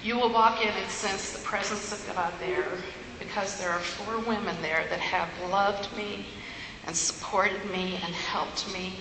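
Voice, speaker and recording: A woman's voice: medium pitch, fairly even intonation, measured pace. An older woman giving a chatty farewell speech as a ministry leader, laughing at her own jokes. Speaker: outgoing women's ministry leader. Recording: echoey hall with noise.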